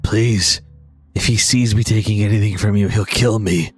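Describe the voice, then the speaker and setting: A man voicing a timid, hungry male buffalo who speaks softly and gratefully. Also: medium pitch, measured pace, faint music behind, lightly acted. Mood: meek. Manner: soft, meek and grateful.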